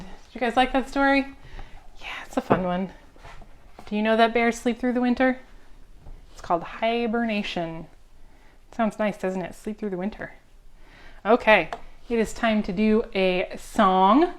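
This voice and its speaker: Slow, expressive storytime reader, a woman. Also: medium pitch. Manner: slow, expressive, talks to little children. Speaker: children's librarian. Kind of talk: preschool storytime read-aloud.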